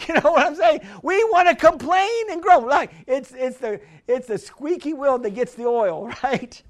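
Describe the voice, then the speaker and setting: A woman preaching a sermon, emphatic, repeating key phrases and stumbling into restarts, slowing right down to stress a point. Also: high voice, lively intonation. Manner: slows down hard to stress lines.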